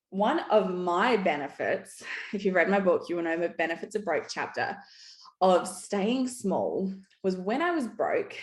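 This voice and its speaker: A woman in her thirties giving a frank, upbeat motivational talk on money as a coach. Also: fairly low pitch. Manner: frank, upbeat, peppered with "right?". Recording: roomy echo.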